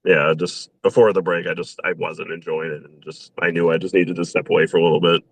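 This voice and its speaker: A man being interviewed on a casual show, laid-back and quick to laugh. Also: deep voice, little pitch movement, slightly rough, dry recording. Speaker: interview guest.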